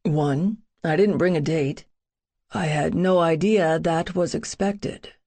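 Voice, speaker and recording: A woman's voice: low voice, slow, mellow, exaggerated voice. A woman voicing a confident, protective young male soldier in an audiobook, with a dry, teasing way of talking.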